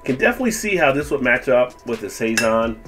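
A man's voice: medium pitch, quick pace. A man hosting his own food review video, chatting casually while tasting and talking with his mouth full. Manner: relaxed, chatty, tastes and comments with full mouth.

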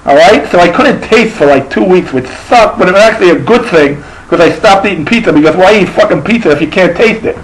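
A man's voice: high voice, expressive, brisk, few pauses, a little hiss or hum, rough recording. A middle-aged man with a lisp, telling a profane, rambling stand-up story full of restarts. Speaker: stand-up comedian.

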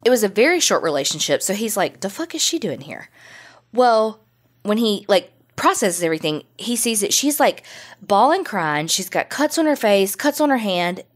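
A woman's voice: medium pitch, very animated, moderate pace. A woman co-hosting a podcast, casually retelling a true-crime story with sassy, profane asides. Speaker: podcast co-host.

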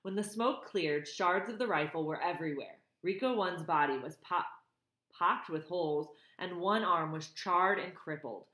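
A woman with a fairly low, fairly bright voice reads a novel aloud at normal speed, pausing now and then to comment on the plot. A roomy echo surrounds her voice.

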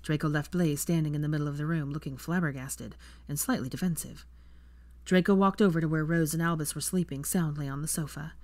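Calm fan fiction reader, dry sound. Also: mid-range voice, fairly quick, no room sound. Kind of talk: reading a novel aloud.

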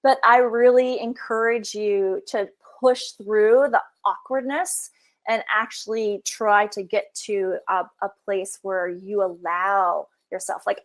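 A woman's voice: a little high, fairly bright tone. A middle-aged woman psychologist leading a workshop in a casual, conversational way, full of "you know" and "like".

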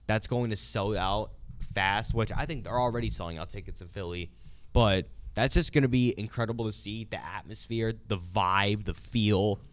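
A young man co-hosting a casual talk show, speaking with enthusiastic, opinionated energy. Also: fairly low pitch. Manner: enthusiastic, opinionated, animated storytelling. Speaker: co-host of a wrestling talk show. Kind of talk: casual chat.

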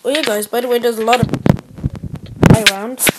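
A young woman hosting her gaming channel offers casual gameplay commentary, rambling and repeating herself, with sudden excited shouts. Her voice is mid-range at normal speed, and the recording is very noisy.

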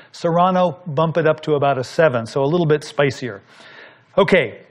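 A cooking show host with a slightly high voice talks through a demonstration while he chops and cooks. He explains every step in a relaxed, instructive way, as though teaching the viewer as he works.

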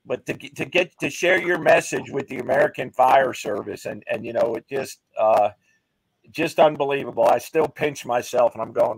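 A firefighter and keynote speaker chatting casually, earnest and humble. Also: male voice, mid-range voice, moderate pace, gravelly, breathy edge, no echo, poor audio. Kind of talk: casual chat.

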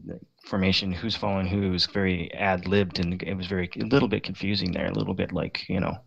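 Deep gravelly man, rambling. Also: level tone, fast, dull audio. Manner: rambling, hesitant, self-correcting. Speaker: game player. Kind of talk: casual chat.

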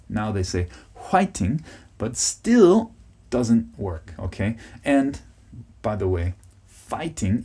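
A man's voice: fairly low pitch, a little mellow, husky. A man teaching English pronunciation on his podcast, patiently repeating key words and checking in with "okay?". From United States.

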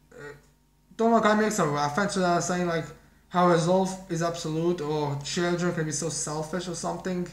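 High-voiced man rambling through a manga review. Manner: rambling, thinking aloud. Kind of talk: casual solo review. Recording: roomy echo.

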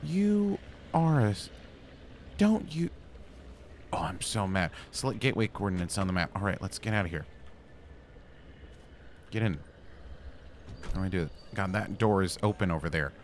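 A man's voice: low-pitched, animated, normal speed, long pauses, a little hiss or hum. A man giving casual gameplay commentary, chatting with the game and yelping when things go wrong. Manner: chatty, talks to the game, flustered yelps. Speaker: gaming YouTuber.

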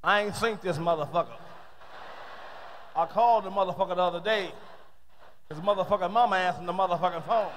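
A man's voice: sits high, brisk, pauses often, a bit bright, slight background noise, voice pushed down. A man playing a fed-up man griping about an unpaid debt, packing nearly every phrase with profanity. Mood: aggrieved.

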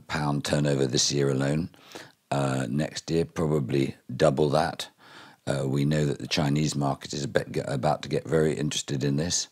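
A man's voice: a bass voice, a little mellow, breathy edge. An older man from England giving a keynote speech in a reflective, wry way, with frequent fillers and restarts. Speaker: keynote speaker.

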